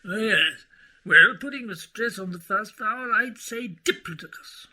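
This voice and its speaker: A man's voice: high-pitched, measured pace, bright, forceful tone, heavily acted. An actor playing a rambling, flustered male quiz panellist in a radio comedy. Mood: eager.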